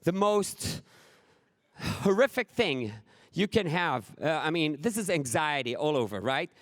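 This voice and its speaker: A middle-aged man from Israel with an Israeli accent, a Hebrew speaker doing an animated stand-up speech at a conference, acting out scenes with exasperated outbursts. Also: a little high, unhurried, dry recording, studio quality.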